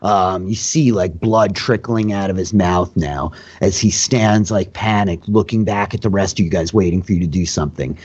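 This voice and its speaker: A young man running a tabletop game as dungeon master and host, explaining rules in a relaxed way with lots of fillers. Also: sits low, moderate pace, few pauses, husky, highs cut off.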